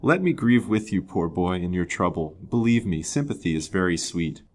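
A man putting on a soft-spoken, falsely sympathetic lady. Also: low voice, lively intonation, moderate pace. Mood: mournful. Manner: soft, gentle, mournful tones. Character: genteel older lady, feigning sympathy. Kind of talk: storybook reading.

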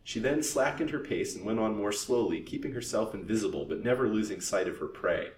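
A man reading a novel aloud as a storyteller, with a measured, steady delivery. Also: lowish voice, roomy sound, far from the mic, a little hiss or hum, poor audio.

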